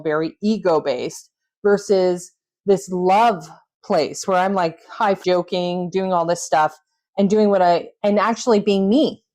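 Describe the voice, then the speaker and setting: A woman with a lowish, darkish voice hosts a reflective solo podcast. She speaks earnestly and tells stories in a self-coaching tone.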